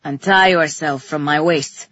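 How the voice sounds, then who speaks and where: A woman's voice: deep voice, fairly even intonation, measured pace, a bit bright, no echo, dull audio, voice pushed down. A woman voicing a brave young man who protects the heroine and gives urgent, commanding orders in a storybook reading.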